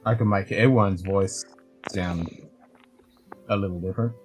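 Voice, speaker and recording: A man's voice: deep voice, steady tone, normal speed, a little mellow, faint music behind. A man co-hosting a casual live stream, running the tech in a laid-back way and swearing casually. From Australia. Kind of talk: casual chat.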